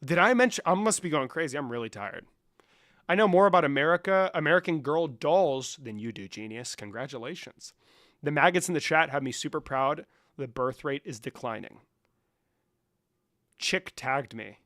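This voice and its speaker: Young male streamer from Mexico, casual and profane, a touch high-pitched, dry close sound. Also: expressive, moderate pace, dry recording. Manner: swearing, mocking, loud bursts and laughter. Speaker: livestreamer. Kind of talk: casual live stream talk to chat. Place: his room.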